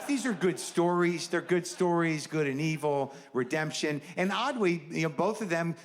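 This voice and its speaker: Onstage before a live audience, a man does a stand-up comedy set, riffing in a rambling, conversational, profane style in a slightly high voice at a moderate pace. Faint audience laughter sits in the background, along with a little hiss or hum.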